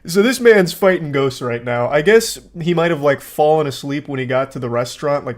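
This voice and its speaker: A man hosting comedic commentary, reading out text messages with sarcastic, dry, mocking asides. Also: mid-range voice. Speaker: host.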